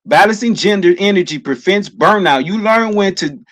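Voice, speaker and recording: Emphatic man with a high voice. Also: normal speed. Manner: repetitive, emphatic, keeps addressing listeners as family; gets loud and emotional at times. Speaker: motivational vlogger. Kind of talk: motivational talk.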